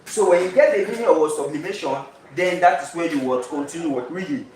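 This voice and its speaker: A man runs an exam-prep chemistry lesson, pausing again and again on a questioning "what?" so learners supply the answer. His voice sits high for a man and is caught from some distance from the mic. A heavy echo fills the room, with a faint background hiss. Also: a little mellow. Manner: drills students with repeated call-and-response questions. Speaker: chemistry tutor. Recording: very echoey room, voice far from mic, faint noise.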